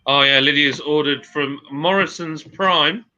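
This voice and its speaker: A man's voice: fairly high pitch, a little slow, bright, forceful tone, a little hiss or hum. A man hosting a casual livestream chat, reading viewer comments aloud in a chatty way. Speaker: host. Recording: dull lo-fi stream audio.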